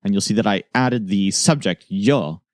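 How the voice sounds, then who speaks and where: A man narrating a scripted language lesson, speaking in a measured way and slowing down to model example phrases. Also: lowish voice, no echo, studio quality. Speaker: language teacher.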